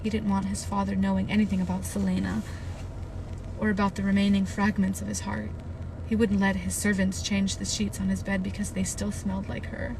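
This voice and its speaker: A woman reading a novel aloud on a live stream, with steady narration and emotional, gushing asides to her chat. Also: medium pitch, a little fast, gravelly, noisy background. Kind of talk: live read-aloud with reactions.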